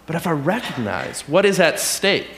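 A man giving a relaxed, chatty sermon, checking in with his listeners again and again. His voice sits fairly high. It rings in an echoey room. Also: moderate pace, gravelly, a little hiss or hum. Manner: conversational, keeps asking "right?". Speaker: preacher. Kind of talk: casual sermon.

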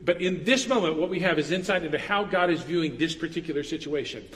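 A man's voice: on the high side, fast talker, a bit bright, in a large hall. A man preaching an earnest sermon as pastor, stressing points with repetition.

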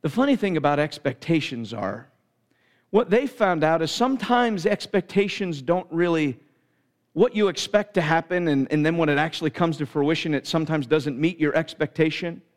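A middle-aged man from Pennsylvania, a pastor delivering a sermon through an animated, self-mocking story. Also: a little high, normal speed, long reverb tail.

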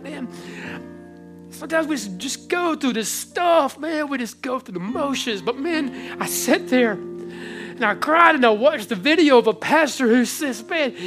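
Guy preaching a sermon in church, goes quiet then gets loud and fired up, faint music behind. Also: very high-pitched. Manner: swings between hushed storytelling and loud impassioned preaching. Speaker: pastor. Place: church hall before a congregation.

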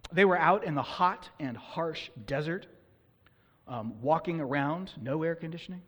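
A man preaching a sermon as pastor, animated, sometimes acting out the people he quotes. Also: a little high, moderate pace. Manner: animated, acts out quoted complaints. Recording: long hall reverb.

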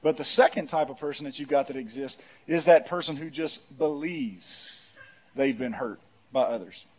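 A male pastor preaching a sermon in a church, telling humorous stories, leading the congregation in call-and-response and rising to shouts. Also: medium pitch, moderate pace. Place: church auditorium.

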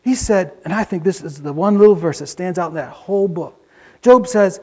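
A man preaching a sermon in a fervent way that rises to yelling when he gets excited, in a dull lo-fi recording. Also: high-pitched, normal speed. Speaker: pastor.

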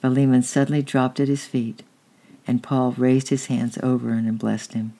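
A man reading a story aloud, measured and earnest, with occasional small stumbles. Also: medium pitch, level tone, gravelly, mellow. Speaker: narrator.

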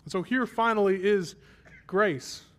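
In a high, fairly bright voice and a slightly slow delivery, a male pastor in his thirties tells a personal story as part of his sermon. The conversational, self-deprecating opening gives way to rising, emphatic praise.

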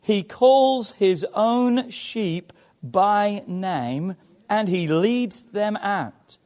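A man preaching a sermon to his church, emphatic and swinging between loud calls and hushed passages. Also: sits high, animated, drawn-out words. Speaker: pastor.

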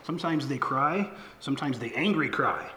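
A man's voice: medium pitch, expressive, normal speed, sharp tone. A middle-aged man, a pastor, preaching a sermon in a conversational way, with fillers and restarts. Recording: echoey hall with faint ambience.

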